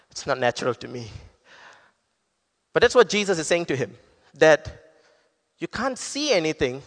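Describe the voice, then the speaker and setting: Male pastor, earnest explanatory sermon, slightly higher voice, reverberant hall. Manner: earnest, explanatory preaching with scripture quotes.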